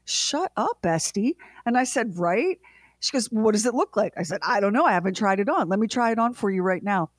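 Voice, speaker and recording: Animated middle-aged woman telling a funny story. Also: medium pitch, no room sound. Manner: animated, laughing storyteller with jokey asides. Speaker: radio show co-host. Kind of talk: casual storytelling chat.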